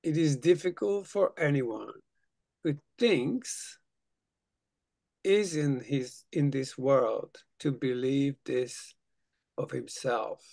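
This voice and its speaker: Man, group leader on a video call, unhurried, gravelly, coaxing and playful. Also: medium pitch, dry recording. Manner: playful, coaxing, then hushed and slow when leading the meditation. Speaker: spiritual study group leader. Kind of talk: guiding a group affirmation lesson.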